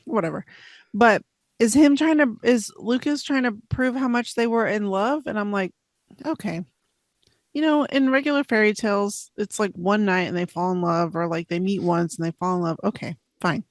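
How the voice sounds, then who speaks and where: A woman chatting as a podcast guest about a movie, animated and quick to act out what characters say. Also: mid-range voice, no echo. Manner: animated, acts out characters' lines mid-story. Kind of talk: casual movie review chat.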